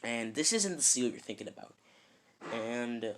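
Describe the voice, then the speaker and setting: A man's voice: medium pitch, animated, normal speed, fairly bright tone. A man casually telling a made-up fan story, rambling and filling it with "kinda" and "like".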